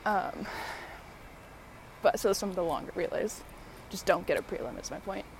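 A woman's voice: mid-range voice, normal speed, slight background noise. A woman hosting a podcast in casual rambling chat, out of breath from walking uphill, with many fillers. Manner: many fillers, laughs often while talking. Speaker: podcast host.

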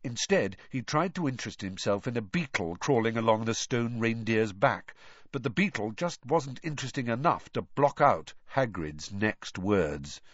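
A male audiobook narrator with a lively, rising-and-falling delivery that gives each scene shape. His voice sits in a middle range, and the recording is dry and slightly dull, with no room sound. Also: medium pitch, normal speed, no room sound. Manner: expressive, varied storytelling delivery.

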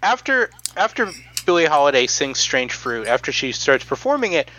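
Bright-voiced man, halting podcast host. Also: on the high side, sing-song, lo-fi sound, a little hiss or hum. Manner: halting, many ums, reading quotes aloud. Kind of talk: casual podcast chat.

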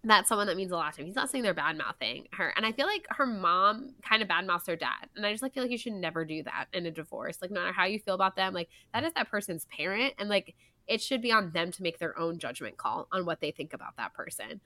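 Young woman, bright tone, lowish voice, dry close sound, animated casual book chat with cussing. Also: quick pace, no echo. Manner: animated, swears casually, lots of "like". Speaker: book podcast co-host.

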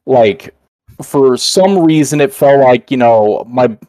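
Young male podcast host, mid-pitched and dry-sounding, loose rambling delivery with constant fillers and swearing. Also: expressive, slow, warm tone, dry recording. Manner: rambling and profane, full of fillers. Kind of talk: casual storytelling chat.

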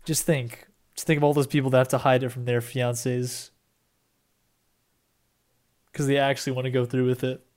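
Young male podcast co-host, excitable, rambling, casual cursing, relaxed chat. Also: medium pitch, moderate pace, pauses often.

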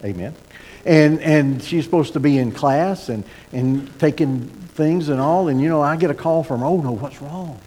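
A middle-aged pastor preaching in a folksy, animated way, full of asides and false starts. His voice sits fairly high for a man. The sermon rings with a long reverb from a church sanctuary. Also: moderate pace.

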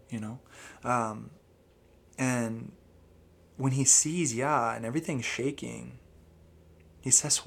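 A man explaining scripture in a rambling, animated podcast conversation, quoting Hebrew phrases as he goes. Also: medium pitch, takes it slowly, vocal fry, long pauses, slightly rough. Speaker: Bible teacher.

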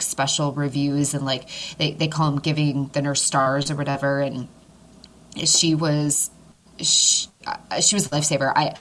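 A woman's voice: low-pitched, a little hiss or hum. A woman co-hosting a podcast, chatting casually about motherhood with many fillers. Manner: talkative, with many fillers and laughs. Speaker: podcast co-host. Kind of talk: casual chat.

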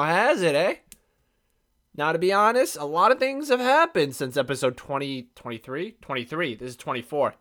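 A man's voice: high voice, fairly bright tone. A man hosting his own podcast alone, talking casually in a brash, profane, rambling way full of asides. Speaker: podcast host. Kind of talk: casual solo podcast monologue.

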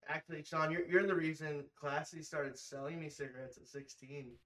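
A man's voice: on the high side, fairly even intonation, moderate pace, a bit bright, rough recording. A young man in casual podcast chat, laughing and adding his own memories. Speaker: podcast co-host.

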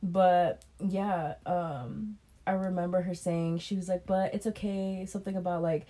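A woman's voice: fairly low pitch, measured pace. A woman co-hosting a podcast, casually telling a story about a bad date, swearing freely and acting out both sides of the conversation. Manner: profane, animated retelling with quoted dialogue. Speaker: podcast co-host.

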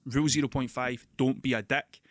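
A Scottish man hosting a podcast, telling stories in an animated, sweary, ranting way. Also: mid-range voice, a little fast, no room sound. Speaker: podcast host. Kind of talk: casual monologue.

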